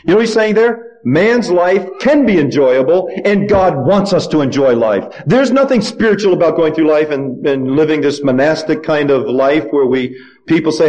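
A man's voice: lively intonation, moderate pace, rough recording. A man preaching a sermon, reading verses aloud and stretching words for emphasis, his voice rising and falling widely. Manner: preaching with wide swings of pitch and loudness, stretched emphatic words. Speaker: pastor.

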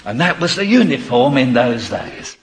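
An older man preaching a sermon, moving between quiet, confiding asides and ringing, emphatic proclamation. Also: medium pitch, sing-song, moderate pace, a little hiss or hum. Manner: swings from soft confiding asides to emphatic declamation. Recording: long hall reverb.

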